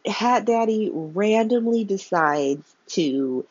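A woman's voice: mid-range voice, expressive, takes it slowly, a little mellow, husky, no echo, muffled recording. A woman casually recapping a soap opera episode from home, candid and exasperated, swearing and peppering her talk with "like". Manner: candid, exasperated, profane, lots of "like". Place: home room by a window.

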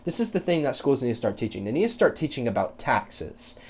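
A young man hosting a solo podcast, ranting bluntly and profanely about kids and school, with loud mocking quotes. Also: medium pitch, very animated, brisk, husky. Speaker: podcast host. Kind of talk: casual solo podcast rant.

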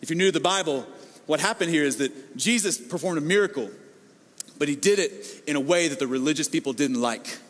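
A man preaching a sermon as pastor, animated and conversational, acting out the people he quotes. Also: a little high, brisk, in a large hall.

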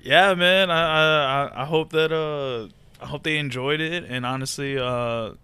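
Easygoing man with a bright, smooth voice. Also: a little high, measured pace. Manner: easygoing, hesitant, lots of fillers. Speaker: podcast guest. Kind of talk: casual podcast chat.

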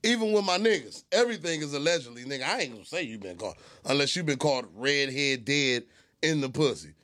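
A man co-hosting a podcast in casual chat, loud and profane, laughing often. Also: medium pitch, lively intonation, brisk. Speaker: podcast co-host.

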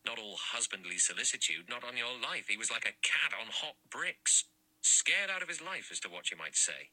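A man's voice: lowish voice, bright, forceful tone, full character voice, low-quality recording. A man reading an audiobook, voicing a blunt, aggressive man who argues in plain slang.

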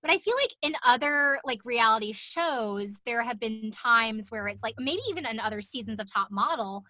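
A woman's voice: fairly high pitch, expressive, normal speed, sharp tone, no echo. A young woman co-hosting a podcast, chatting casually about a show, swearing and laughing often. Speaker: podcast co-host. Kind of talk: casual recap chat.

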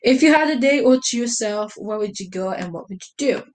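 A woman's voice: on the high side, animated, a little fast. A young woman from Italy answering casual vlog questions, rambling and hesitant, with lots of fillers and self-corrections. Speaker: vlogger.

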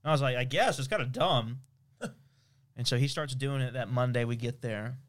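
A man's voice: mid-range voice, moderate pace, fairly bright tone. Man with dry teasing remarks. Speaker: podcast co-host. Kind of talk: casual chat.

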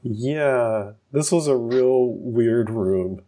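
A man's voice: mid-range voice, drawn-out words, dark tone. A man co-hosting a casual podcast chat, laid-back and laughing often. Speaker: podcast co-host.

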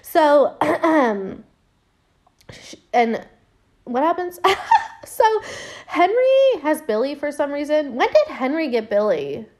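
A woman's voice: high voice, very animated, slow, long pauses, a little mellow. A woman recapping a film in casual chat, rambling with lots of fillers and swearing, her voice worn and her throat dry. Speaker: podcast host recapping a film.

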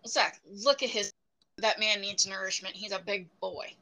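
Female co-host, bright tone, mid pitch, casual teasing banter. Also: rough recording. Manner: teasing, quick joking asides. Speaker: podcast co-host. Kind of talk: casual movie review chat.

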